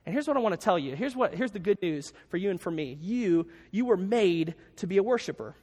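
A pastor with a notably high voice delivers a sermon in a casual, chatty way, restating each main point twice. His voice rings out through a large church space with a long, trailing reverb. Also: lively intonation, fairly quick, a little mellow. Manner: conversational, repeats key lines for note-taking. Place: church sanctuary with a congregation.

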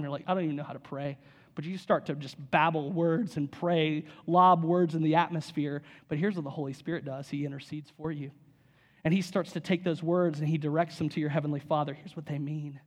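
A man preaching a sermon in an animated, conversational way, with frequent repeats and asides to the congregation. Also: fairly high pitch. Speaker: pastor.

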